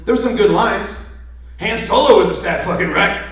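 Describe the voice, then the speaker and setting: Performing stand-up live, a man rants with sarcasm and plenty of profanity in a high, animated, fairly bright voice at a moderate speed. Sound bounces around the venue, and he's distant from the mic.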